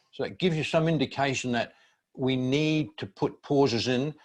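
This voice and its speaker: An older man teaching a student seminar, explaining speaking skills in a measured, instructive way. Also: medium pitch. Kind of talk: seminar presentation.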